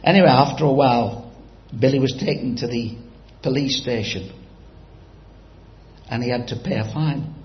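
A man's voice: medium pitch, moderate pace, echoey room, lo-fi sound. A man preaching a sermon, telling a story and quizzing the congregation directly.

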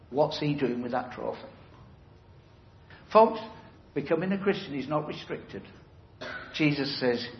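A man's voice: fairly high pitch, a little hiss or hum. A middle-aged man preaching an evangelistic sermon in a church hall, speaking emphatically and conversationally and putting questions to his listeners. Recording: roomy, slightly dull hall recording.

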